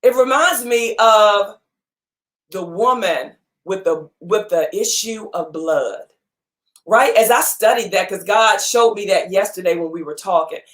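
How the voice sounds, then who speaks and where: A woman's voice: mid-range voice, a little slow. A woman giving a motivational talk to her audience, preaching with repeated phrases for emphasis. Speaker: motivational speaker and gym owner.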